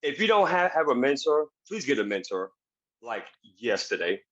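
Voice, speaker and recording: A man's voice: mid-range voice, very animated, moderate pace, fairly bright tone, no echo. A man speaking earnestly and emphatically as a guest in a motivational interview, recorded over a video call. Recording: dull, dry video call audio.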